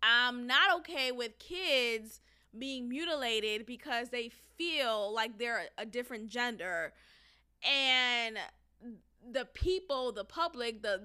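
With a fairly high, sharp, clean-toned voice, a woman hosts a podcast full of casual, opinionated commentary. A former teacher, she talks bluntly and profanely and laughs often.

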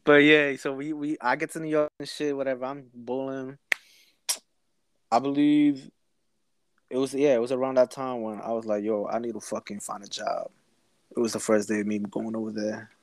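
A man's voice: medium pitch, little pitch movement, moderate pace, dry recording. A young man casually telling a story to a friend, full of slang and swearing, laughing as he goes. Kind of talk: casual chat.

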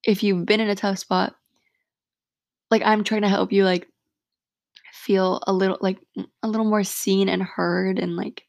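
Frank young woman with a gravelly edge. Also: medium pitch, flat delivery, moderate pace, pauses often, darkish tone, no echo, clean studio sound. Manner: frank and heartfelt, swears freely, many "like" fillers. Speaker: podcast host. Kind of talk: casual solo podcast monologue.

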